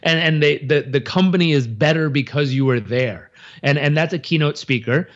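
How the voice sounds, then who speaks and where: A man giving an interview in a casual, animated way, acting out crowd reactions and often restarting his sentences. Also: on the high side, moderate pace, lo-fi sound. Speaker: interview guest.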